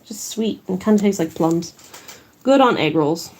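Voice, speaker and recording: Rambling chatty woman, lively pitch. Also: moderate pace. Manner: rambling, chatty, self-deprecating. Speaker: artist livestreamer. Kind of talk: casual livestream chat.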